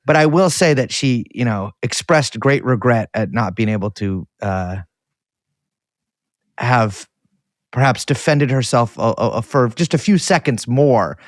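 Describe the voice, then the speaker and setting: A man's voice: medium pitch, lively intonation, unhurried, no echo, clean studio sound. A man co-hosting a podcast, telling a rambling, self-deprecating story in casual chat with lots of restarts. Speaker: podcast co-host reporting back.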